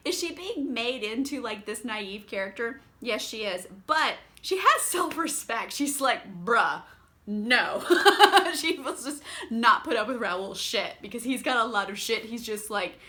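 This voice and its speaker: A woman's voice: a little high, expressive, measured pace, bright, forceful tone. A tipsy young woman recapping a book in a profane, rambling way and laughing often. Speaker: book vlogger.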